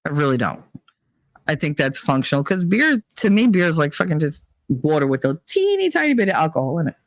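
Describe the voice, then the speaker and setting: A woman talks straight to her listeners in a loose, confessional storytelling style. Her pitch leaps high whenever she acts out what she said, then settles back down. The recording is close and dry with no room sound. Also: brisk, no echo. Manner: chatty and animated, swearing, laughing, squealing acted-out quotes. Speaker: podcast host. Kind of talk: casual storytelling monologue.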